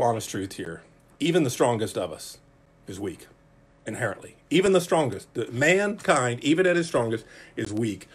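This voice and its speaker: A man in his forties, a pastor giving a Bible study sermon in a lively, joking way that acts out little characters. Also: mid-range voice, husky. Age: 40s. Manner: animated, acts out characters and jokes with the room. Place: church.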